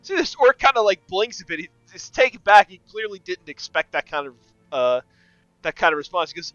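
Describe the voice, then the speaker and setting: A man's voice: high-pitched, big pitch swings, a little fast, a bit bright, dry recording, highs cut off, soft background music. A man narrating a tabletop game as game master in a casual, laughing way.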